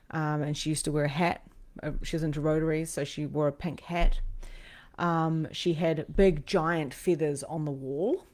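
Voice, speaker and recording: A woman's voice: low-pitched, darkish tone. A woman hosting a livestream as a psychic medium, telling a personal story in an emotional, rambling way with lots of ums and restarts.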